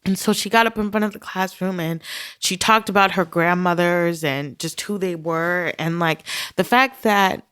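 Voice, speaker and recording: A woman's voice: on the low side, normal speed, a bit bright, clear, resonant tone. A woman in her thirties, a podcast guest, talking in an earnest, heartfelt way and laughing often as she tells personal stories. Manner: earnest, laughs often, gets emotional while telling stories. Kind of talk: casual conversation.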